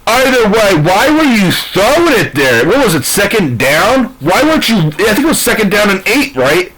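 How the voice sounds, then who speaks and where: A man's voice: high voice, very animated, moderate pace, a bit bright, low-quality recording. Profane ranting sports-talk man. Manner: profane, frustrated, rambling. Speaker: sports commentator.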